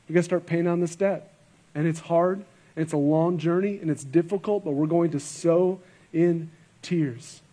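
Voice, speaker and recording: A guest pastor preaching at a church service, a man with a noticeably high-pitched voice. He speaks earnestly and presses his points with rhetorical questions and repeated phrases. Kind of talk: sermon.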